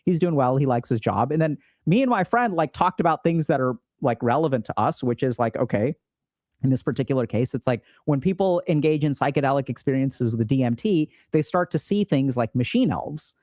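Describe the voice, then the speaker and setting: In an explanatory talk to camera, a man in his thirties covers emotional skills in a relaxed, cheerful manner, putting on voices for conversations he remembers. His mid-range voice is expressive and darkish, fairly quick, recorded cleanly in a studio with no echo.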